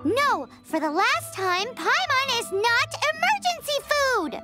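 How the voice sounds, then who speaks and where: Paimon, squeaky fairy sidekick. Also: female voice, big pitch swings, a little slow, loud music behind the voice, exaggerated voice. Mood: indignant. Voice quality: squeaky, very high and bouncy. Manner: refers to herself in third person, indignant. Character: tiny floating female fairy companion, bossy and food-loving. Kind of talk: video game voice acting.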